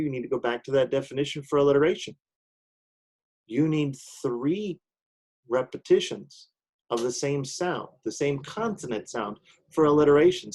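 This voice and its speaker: A man teaches a poetry lesson in a slightly high voice. He explains patiently, one step at a time. He keeps pausing to check that students are following. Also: darkish tone, poor audio.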